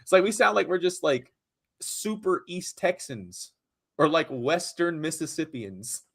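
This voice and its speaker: Animated man with a light Louisiana accent. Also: on the high side, a little slow, vocal fry, slightly rough. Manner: animated, laughs often, slips into playful voices. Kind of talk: casual live video chat.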